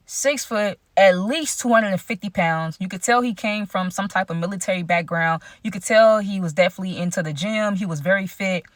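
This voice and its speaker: A woman's voice: lowish voice, no echo. A young woman telling a dramatic personal story to her viewers in a casual way, speaking straight to them. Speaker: storytime vlogger.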